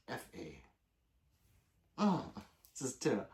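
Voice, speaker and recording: A man's voice: on the high side, big pitch swings, measured pace. A man hosting a livestream, reading viewer comments aloud in loose, profane casual chat and plugging subscriptions. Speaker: livestream host.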